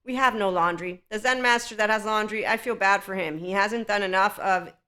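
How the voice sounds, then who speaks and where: A woman with a bright, forward tone hosts a solo spiritual self-help podcast. She speaks frankly and with strong opinions, and often breaks into laughter between thoughts. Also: mid-range voice, a little fast. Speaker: podcast host.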